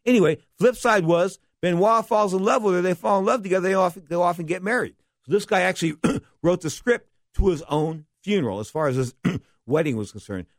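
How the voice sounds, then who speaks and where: A middle-aged man hosting a casual monologue, rambling and animated, often pausing to correct the names he gets wrong. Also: high voice, dry recording, clean studio sound. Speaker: wrestling history podcast host.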